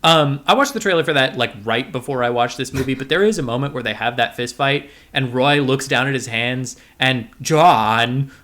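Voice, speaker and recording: A man's voice: medium pitch, normal speed, few pauses, a bit bright. A man co-hosting a podcast, recapping a film in casual, joking chat with a sarcastic edge. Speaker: podcast co-host. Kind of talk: casual movie-review chat.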